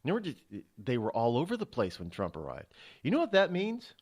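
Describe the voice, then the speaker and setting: A man's voice: mid-range voice, wildly swooping pitch, a little fast, slightly rough. A male talk show host giving sarcastic, emphatic political commentary.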